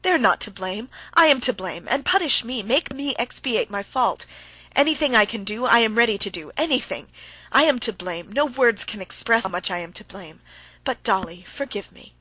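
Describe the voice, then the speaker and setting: Woman reading a tearful begging husband, storybook reading, bright clear tone, dry close sound. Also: medium pitch, animated, unhurried, no room sound, heavily acted, low-quality recording. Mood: pleading. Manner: tearful, begging, breaking off mid-sentence. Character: distraught middle-aged husband, pleading and remorseful.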